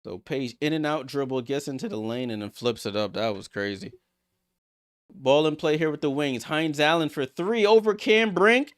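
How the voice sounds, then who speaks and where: A man hosting a live watchalong stream, calling basketball play-by-play and reacting excitedly to each play. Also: on the high side, moderate pace, clear, resonant tone. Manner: excitable, rattles off passes, reacts aloud. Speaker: watchalong host.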